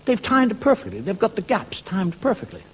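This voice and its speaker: A male comedian with a very high voice that swoops up and down with life. He performs a wry, mock-indignant stand-up monologue and swears freely. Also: wildly swooping pitch, a little fast, fairly bright tone, slight background noise. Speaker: comedian host. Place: TV studio before a live audience.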